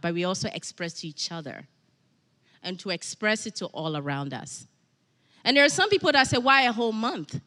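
A woman with a bright, forceful voice gives an earnest church address, explaining her points with emphasis. Her voice rings out with a long reverb through a large church sanctuary. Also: mid-range voice. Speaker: church speaker.

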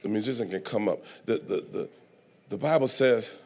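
A pastor preaching a sermon with dramatic delivery, dropping to soft asides and rising to shouts. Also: male voice, lowish voice, moderate pace, a little hiss or hum.

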